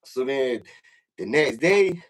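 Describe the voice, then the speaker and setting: A young man swaps stories as a podcast guest in an easy, rambling way, padding every thought with filler phrases and swearing freely. His pitch sits in the ordinary middle, and when he acts out a standoff he climbs noticeably louder and higher. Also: lively intonation, slow, poor audio. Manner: loose, profane, full of "like" and "you know what I'm saying"; gets loud and high when reenacting confrontations. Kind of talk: casual storytelling.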